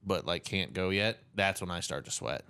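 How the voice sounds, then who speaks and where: A young man co-hosting a casual podcast, joking and lively, breaking into mock yells. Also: low-pitched, moderate pace, clear, resonant tone. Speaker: podcast co-host. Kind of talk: casual chat.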